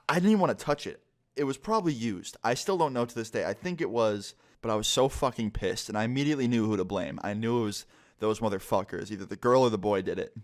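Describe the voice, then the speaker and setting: A young man vlogger telling a casual, profane high school story time, full of "like".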